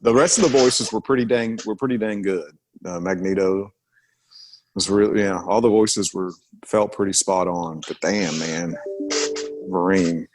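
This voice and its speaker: A man co-hosting a podcast in casual chat, animated, slipping into voices when he retells something. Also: deep voice, moderate pace, faint music behind. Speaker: podcast co-host.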